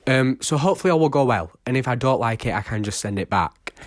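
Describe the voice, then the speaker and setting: A man's voice: mid-range voice, expressive, quick pace, no echo. A young man chatting casually to camera as a vlogger, rambling and self-mocking, recorded on an old smartphone used as a microphone.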